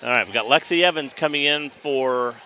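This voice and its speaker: A man doing live play-by-play commentary of a high school volleyball match, chatty and rambling, often restarting his sentences. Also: a little fast, pushed and bright. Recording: noisy gym ambience. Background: gym noise, balls bouncing.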